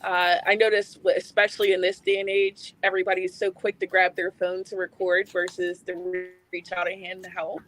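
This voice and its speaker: A woman psychic speaking steadily on a live stream, pausing on fillers. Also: on the low side, little pitch movement, fairly bright tone, poor audio. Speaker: psychic reader.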